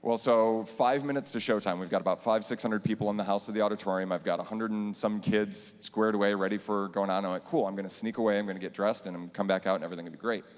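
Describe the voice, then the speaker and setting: A man's voice: fairly low pitch, steady tone, fast, few pauses, big-room sound. A man who teaches band, telling a funny story about his teaching on a church panel, laughing as he goes.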